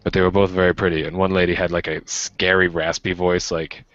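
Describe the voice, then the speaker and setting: A man's voice: a little fast, dry recording, dull audio, soft background music. A young American man casually telling a story on a live-streamed chat show, acting out what people said with sudden jumps in his voice. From United States. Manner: animated, acts out quoted voices with pitch jumps. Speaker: podcast co-host.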